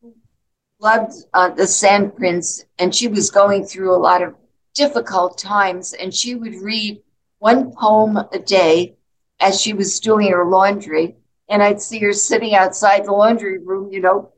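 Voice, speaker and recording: Slow-talking woman poet. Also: mid-range voice, fairly even intonation, poor audio. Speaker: guest poet. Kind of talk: interview conversation and poetry reading.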